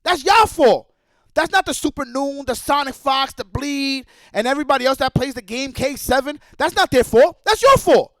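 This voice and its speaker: Male streamer, high pitch, dry close sound, angry profane rant. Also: animated, moderate pace, no room sound. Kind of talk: heated rant.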